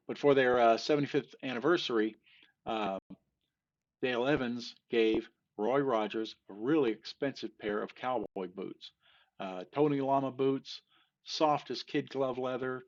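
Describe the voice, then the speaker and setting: An older man tells groaners in a loose, halting way, with plenty of fillers and restarts and a shrug whenever he botches a punchline. His voice has a gravelly fry to it, and the recording sounds dull and lo-fi. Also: mid-range voice. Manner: rambling, halting delivery with many fillers and restarts; self-deprecating, laughs off flubbed punchlines. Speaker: joke teller. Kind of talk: casual joke telling.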